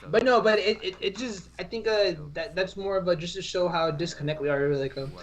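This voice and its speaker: A man's voice: high-pitched, quick pace. A young man co-hosting a podcast in casual chat, rambling with slang and many restarts. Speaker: podcast co-host.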